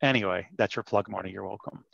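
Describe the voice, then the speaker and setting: A man's voice: lowish voice, fast, vocal fry, a bit bright, breathy edge, dry recording. A man presenting as a vendor in a webinar, upbeat and persuasive with frequent restarts. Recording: dull muffled dry audio.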